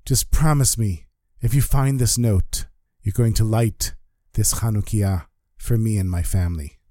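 A man voicing a doomed Jewish father writing a pleading wartime letter, solemn and slow. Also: fairly low pitch, warm tone, no room sound, studio quality, lightly acted.

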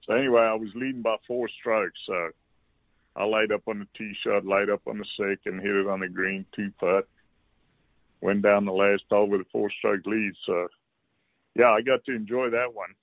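A man from South Africa with a South African accent, a golfer guest telling relaxed anecdotes with salty language on a casual interview. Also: lowish voice, normal speed, no room sound. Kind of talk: casual storytelling. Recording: dry tinny phone line.

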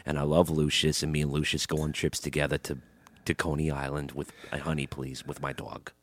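A man voicing a chain-smoking, dog-loving character who calls everyone honey, in a drawling comic voice a little lower and softer than his own. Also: fairly even intonation, normal speed, no room sound. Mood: doting. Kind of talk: improvised comedy character.

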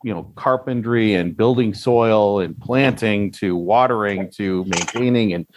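A man's voice: on the low side, measured pace, background noise. A man hosting a casual podcast conversation, talking in an enthusiastic, exclamatory, chatty way. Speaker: podcast host.

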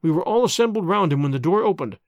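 A man narrating an audiobook in a measured, expressive storytelling manner. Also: high-pitched, no echo.

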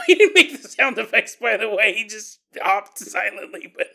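A male podcast host with a high, bright voice tells an eerie story in a loose, casual way. He is animated and jokey and laughs often. His energy stays playful even on creepy details. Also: normal speed, vocal fry.

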